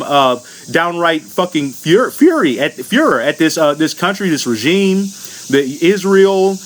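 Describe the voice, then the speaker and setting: A man from the United States vents in a furious, foul-mouthed monologue on his own channel. His voice sits somewhat high for a man, and he talks bluntly, piling up curses without holding back. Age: adult. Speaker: vlogger. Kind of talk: angry political rant.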